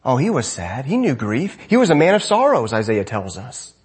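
A man's voice: medium pitch, huge pitch swings, moderate pace, slightly rough. A man preaching a sermon as pastor, conversational, often asking his congregation rhetorical questions.

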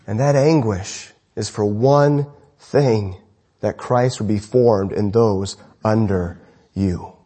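A man preaching an evening sermon to a congregation, impassioned, swinging between raised urgent lines and low, quiet ones. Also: takes it slowly, slightly rough. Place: church congregation, evening service.

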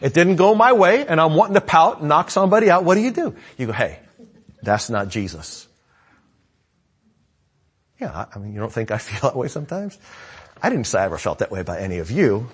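A male pastor preaching in a conversational way, asking the congregation questions and calling for amen, swinging from loud to hushed. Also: a little high, big pitch swings, quick pace, husky. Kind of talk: sermon.

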